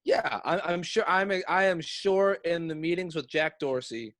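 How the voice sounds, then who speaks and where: Male podcast host, casual and sardonic, slightly higher voice, dry close sound. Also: a little slow, a bit bright, no room sound. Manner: wry, sarcastic, swears freely.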